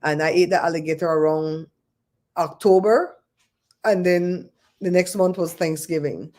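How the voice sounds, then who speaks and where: A woman hosting a casual livestream, chatting and telling stories in an expressive way. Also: lowish voice, normal speed. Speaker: livestream host.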